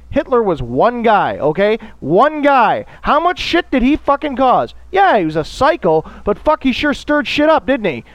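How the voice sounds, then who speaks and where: A man's voice: sits high, no echo, dull audio. A man hosting his own radio show, ranting at length with constant swearing and sarcastic mock voices. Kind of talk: profane solo rant.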